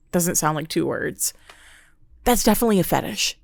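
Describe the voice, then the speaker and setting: A young woman hosting a podcast, recapping reality TV in an animated, profane rant, often slipping into quick imitations of the people she describes. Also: on the low side, vocal fry, no room sound. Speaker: podcast host. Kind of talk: casual reality-TV recap monologue.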